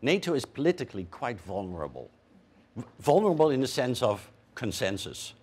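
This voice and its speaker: A man speaking as a panelist, measured and emphatic, pausing with fillers. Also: mid-range voice, sing-song, a little mellow, breathy edge. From Canada. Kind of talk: panel discussion.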